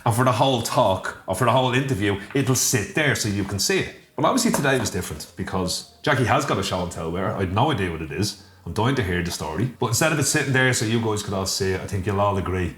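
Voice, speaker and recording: A man hosting a casual chat at home, upbeat, animated and jokey. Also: lowish voice, quick pace, few pauses, a little hiss or hum. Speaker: host. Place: his home. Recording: roomy echo.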